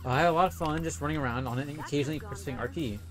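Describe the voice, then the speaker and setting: A man's voice: fairly high pitch, racing, faint music behind. A young man casually commentating a video game stream, rambling and swearing often.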